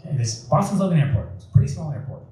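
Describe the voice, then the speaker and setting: Fast-talking and animated, a young man with a slightly high, warm voice gives a casual storytelling talk full of jokes and fillers. It's a community event in a community center hall, recorded in an echoey room from a distant mic with faint noise.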